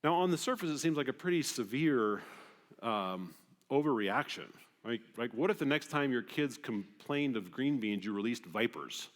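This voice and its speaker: A man preaching a sermon as pastor, conversational and animated, often checking in with the congregation. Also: medium pitch, normal speed. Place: church sanctuary. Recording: long hall reverb in a church.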